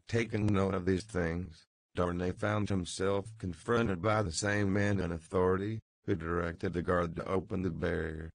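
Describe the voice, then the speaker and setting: A man reading a classic novel aloud as an audiobook narrator, in a measured, even manner. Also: deep voice, creaky, dry recording.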